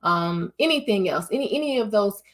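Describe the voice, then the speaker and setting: A woman's voice: medium pitch, lively intonation, brisk. A woman from the United States hosting a vlog, giving a casual opinion monologue straight to her viewers in an emphatic, preachy way. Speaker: vlog host.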